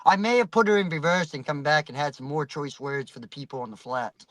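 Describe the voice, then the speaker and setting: A man's voice: fairly high pitch, fairly quick, a bit bright, no room sound, rough recording. A man telling a rambling, profanity-heavy story in casual chat, acting out the voices of people he quotes.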